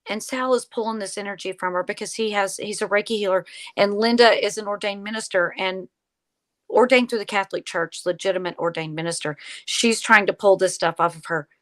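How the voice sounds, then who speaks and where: A woman guest telling a story in conversation, animated, acting out the lines of the people in it. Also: mid-range voice, fairly quick. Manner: animated, acts out quoted dialogue. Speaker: podcast guest, paranormal investigator.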